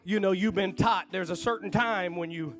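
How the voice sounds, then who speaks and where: A man preaching a sermon in a church, trading folksy, chatty asides to the congregation for fervent, shouted refrains. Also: sits high, normal speed.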